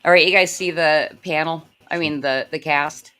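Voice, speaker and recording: A woman hosting a comedy live-read on a video call, briskly handing out roles and laughing easily. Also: low voice, steady tone, bright, forceful tone. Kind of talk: casual chat and assigning roles.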